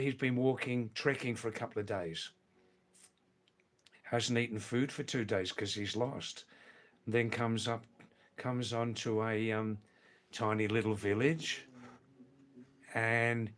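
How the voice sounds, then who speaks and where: A man born in England hosting a live stream, answering viewer comments in a slow, halting way that repeats phrases. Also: mid-range voice, a bit bright. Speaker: livestream host.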